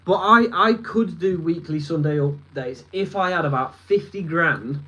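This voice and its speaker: This lo-fi clip features a fairly high, pushed, bright male voice at a measured pace. The speaker is a twentysomething with a Lancashire accent from northern England, answering his live chat from his room's desk with plenty of rambling and swearing.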